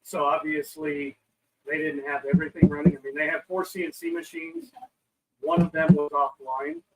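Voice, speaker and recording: A man's voice: on the high side, expressive, normal speed, vocal fry, distant mic, rough recording. A man co-hosting a live podcast, easygoing and agreeable in casual chat. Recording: off-mic with faint room noise.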